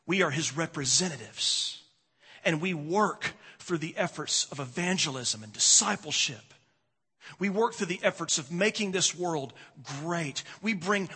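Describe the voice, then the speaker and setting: A man preaching a sermon as pastor, emphatic, with dramatic pauses, swinging between loud and hushed lines. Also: high-pitched, husky. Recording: reverberant hall.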